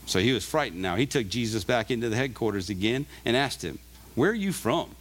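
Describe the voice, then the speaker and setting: A man's voice: lowish voice, fast talker, a little hiss or hum. A male pastor giving a sermon, earnest and conversational with emphatic turns.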